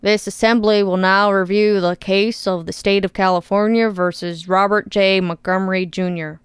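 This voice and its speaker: A woman's voice: medium pitch, fairly even intonation, normal speed, clean tone, no room sound, clean studio sound, natural voice. A woman voicing an aging male congressman who sounds bored, mocking and falsely friendly in an audiobook. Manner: faux-friendly, patronizing. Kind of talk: audiobook character voice.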